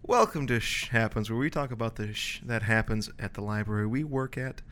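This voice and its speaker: A man's voice: on the low side, brisk, a bit bright. A young man co-hosting a casual podcast from a library study room, rambling with lots of fillers. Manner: rambling, filler-heavy, self-conscious. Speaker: podcast co-host. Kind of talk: casual chat.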